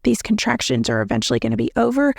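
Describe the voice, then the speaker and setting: A chatty American woman in her thirties hosts a podcast in an easygoing, instructional tone, full of "like" and "right?" and quick laughs. Her voice sits a little high and carries a gravelly fry, recorded close and dry with no room sound. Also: very animated, no echo. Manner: chatty, encouraging, laughs often, many fillers. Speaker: podcast host, labor nurse. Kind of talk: casual instructional podcast talk.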